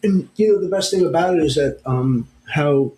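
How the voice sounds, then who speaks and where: A man talking on a podcast as a guest, explaining ideas haltingly with many fillers and restarts. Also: fairly high pitch, dark tone, poor audio. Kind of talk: casual podcast chat.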